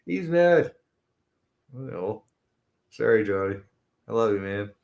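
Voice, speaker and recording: A Canadian man hosting a podcast, high and rambling in casual, profane chat with frequent laughs. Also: expressive, slow pace, gravelly, a little mellow, dull audio.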